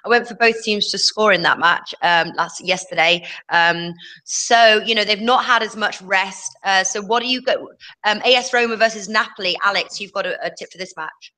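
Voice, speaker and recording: A woman hosting a casual online panel about football betting tips, chatty and quick to laugh. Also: medium pitch, sharp tone, rough recording. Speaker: host.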